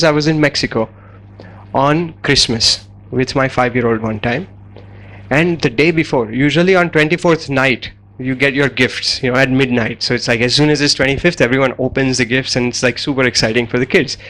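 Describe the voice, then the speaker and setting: Bright-voiced man giving a storytelling lecture. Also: mid-range voice, low-quality recording. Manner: conversational, anecdotal, frequent fillers. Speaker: guest lecturer.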